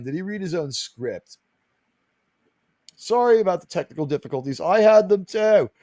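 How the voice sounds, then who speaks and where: A man's voice: sits high, animated, moderate pace, long pauses, dark tone, dry recording, clean studio sound. A man hosting a casual streamed panel talk show, rambling and joking with frequent laughs. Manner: rambling, jokey, laughs often.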